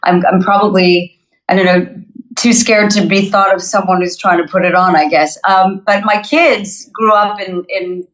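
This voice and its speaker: Chatty North American woman, lo-fi. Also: mid-range voice. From Canada. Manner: chatty, laughs often, storytelling. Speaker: guest singer. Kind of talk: casual interview chat.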